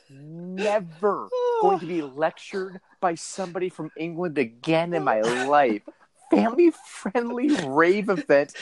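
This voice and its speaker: Animated profane man riffing on news. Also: sits high, a little slow, a crowd in the background. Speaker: podcast co-host. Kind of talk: casual comedic chat.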